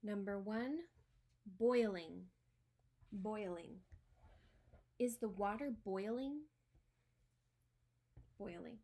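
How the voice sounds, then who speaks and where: A woman teaching a spelling lesson to a homeschool class. She dictates words slowly and clearly, and opens with a playful pretend phone call. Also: mid-range voice, dark tone.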